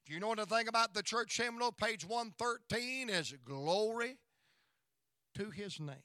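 High, bright-voiced folksy preacher. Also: male voice, expressive, moderate pace, dry recording, studio quality. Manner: emphatic, folksy, exclaiming praise. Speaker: pastor. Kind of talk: storytelling sermon.

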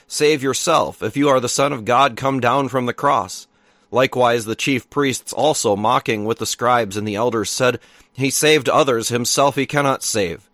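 A man's voice: mid-range voice, fairly bright tone, no echo. Solemn male pastor reading scripture. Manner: measured, solemn reading with small self-corrections.

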